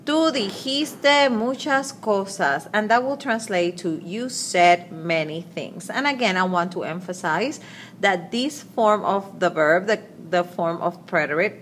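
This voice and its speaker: A woman teaching grammar, slowly reading out verb forms and translating examples. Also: mid-range voice, lively intonation, slight background noise. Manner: slow, deliberate, repeating conjugations aloud. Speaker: Spanish teacher. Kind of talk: slide-based grammar lesson.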